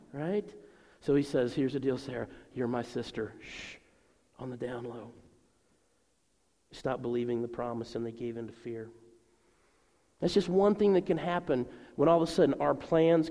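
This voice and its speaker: A man preaching a sermon to a congregation, animated and acting out the voices he quotes. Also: a little high, in a large hall. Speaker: pastor.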